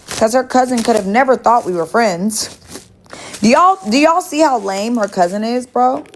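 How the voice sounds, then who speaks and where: A woman's voice: a little high, expressive, moderate pace, a little hiss or hum. Woman venting on a phone livestream. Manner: gossipy, profane, emphatic swearing. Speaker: livestream host. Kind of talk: rambling livestream chat.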